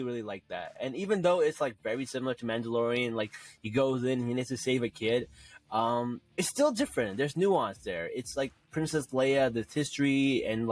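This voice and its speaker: A man of middle pitch co-hosts a podcast in a casual, eager chat, full of "like" and "you know". His voice sounds dry and close, with almost no room echo. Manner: enthusiastic, many fillers like "like" and "you know". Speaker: podcast co-host.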